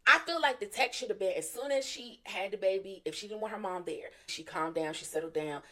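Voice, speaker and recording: Lively storytelling woman podcast host. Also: mid-range voice, brisk. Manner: animated storyteller, acting out the people in her stories. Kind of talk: casual chat.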